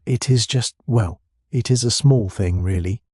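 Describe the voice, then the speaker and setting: A man doing a sly, drawling Highland policeman. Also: measured pace, no room sound, studio quality, close to an everyday voice. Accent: Scottish Highland. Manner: soft, drawling, syrupy. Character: sly, mild-mannered Highland village policeman.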